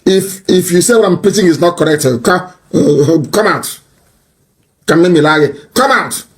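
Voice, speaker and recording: A man rails in a scornful political tirade. His voice sits a little high and swings from mocking to shouting. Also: animated, moderate pace.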